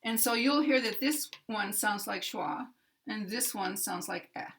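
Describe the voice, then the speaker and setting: An American woman gives a pronunciation lesson at an unhurried, deliberate pace. Her voice is bright and clear, and she draws out key words to show how they are stressed. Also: mid-range voice. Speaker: pronunciation teacher.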